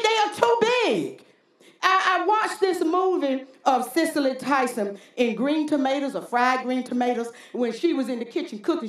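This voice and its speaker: Her high voice echoing in the room, a woman pastor preaches a sermon full of folksy talk. She uses call-and-response, calling "Huh?" to the congregation again and again.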